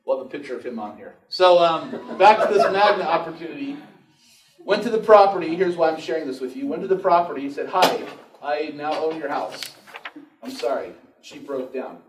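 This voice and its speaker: A man leads a real estate workshop in front of a live audience. He tells stories casually and acts out what people said, in a slightly high voice. He sounds roomy and echoey, picked up from across the room. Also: lively intonation, fairly quick, heavy background noise. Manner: casual storytelling, acts out dialogue. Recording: echoey room recorded from far off.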